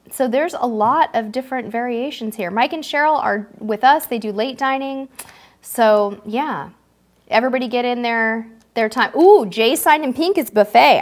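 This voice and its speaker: A woman hosting a casual livestream, chatting brightly and reading out viewer comments with frequent laughs. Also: on the high side. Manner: bubbly, reads viewer comments aloud, laughs often. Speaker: livestream host.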